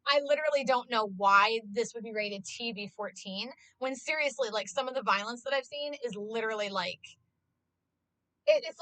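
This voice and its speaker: A passionate woman ranting on a live stream, full of swearing and "like". Her voice sits high and bright and swoops about with big energy, with a dry sound. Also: no room sound, low-quality recording. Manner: excitable, swears a lot, heavy use of "like". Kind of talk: casual live-stream chat.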